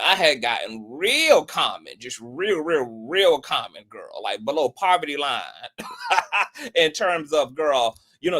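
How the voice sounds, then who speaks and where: A man hosting a casual livestream chat, sassy and flamboyant, greeting viewers by name in long drawn-out calls and calling everyone "girl" and "child". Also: medium pitch, a bit bright. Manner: peppers talk with "girl" and "child". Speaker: livestream host.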